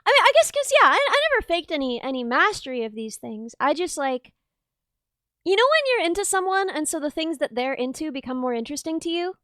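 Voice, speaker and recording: Young woman, high and bright, playful host who trails off softly. Dry, close recording. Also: sing-song, fast, dry recording. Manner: playful, laughing, trails off soft and low. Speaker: streamer host. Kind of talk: casual chat.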